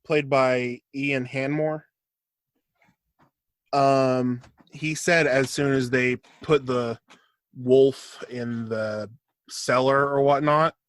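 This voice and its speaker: A young man co-hosting a podcast in casual chat, joking with quick, wry interjections. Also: medium pitch, steady tone, no echo, studio quality. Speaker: podcast co-host and editor.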